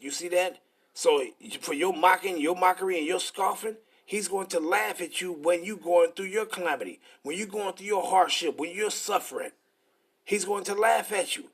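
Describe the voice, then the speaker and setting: A man preaching in a combative, profane style, reading scripture slowly between angry asides. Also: high-pitched, breathy edge.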